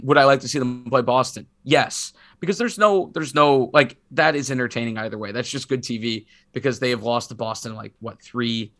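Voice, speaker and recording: A man's voice: mid-range voice, bright, forceful tone. Sick man rambling on a sports podcast. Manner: rambling, self-mocking, many restarts. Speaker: podcast co-host. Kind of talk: casual sports podcast chat.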